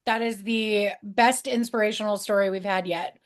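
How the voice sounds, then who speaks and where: A woman's voice: medium pitch, fairly even intonation, normal speed. A woman hosting a casual interview, bubbly and chatty. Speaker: podcast host.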